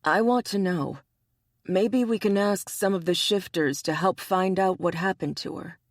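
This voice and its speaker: A woman's voice: on the low side, measured pace, no echo, clean studio sound. A woman voicing a big, persistent, playful male bear shifter in an audiobook romance, cheerful and coaxing.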